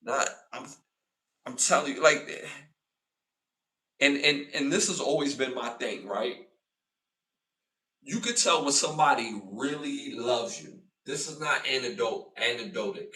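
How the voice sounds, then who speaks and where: Recorded from a distance, a man speaks in a medium pitch, unhurried and with long pauses, while hosting a live podcast. His casual commentary to the chat is animated, full of repeated points and arguments acted out in a raised voice.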